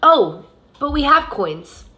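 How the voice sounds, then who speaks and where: A plucky teenage boy , as a woman reads him aloud, speaks with bright, earnest determination. His lines are short and direct. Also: sits high, big pitch swings, takes it slowly, voice pushed up, full character voice.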